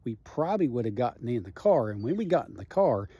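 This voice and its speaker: A middle-aged man, a comedian, telling a personal story in a casual, animated and profane way, often tagging his lines with "right?". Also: medium pitch, quick pace, breathy edge.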